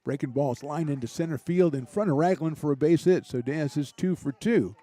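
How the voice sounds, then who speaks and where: A man calls a college baseball game play by play in a mellow, warm voice, relaxed and chatty, with dry little jokes between pitches. His voice sits close to the mic, with almost no room sound around it. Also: normal speed, no echo. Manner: relaxed, chatty, lightly joking between pitches, rising excitement on big plays. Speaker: play-by-play announcer.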